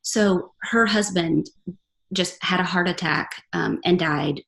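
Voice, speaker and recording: A woman's voice: on the low side, slow, gravelly, fairly bright tone. A middle-aged woman, a podcast guest, telling personal stories in an earnest, chatty way and laughing often. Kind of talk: casual interview chat.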